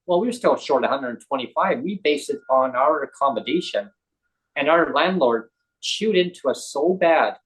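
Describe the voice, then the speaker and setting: A man's voice: mid-range voice, normal speed, rough recording. Canadian man telling a story animatedly. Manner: animated, acts out quoted voices of others. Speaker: guest on a talk show. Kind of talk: casual conversational storytelling.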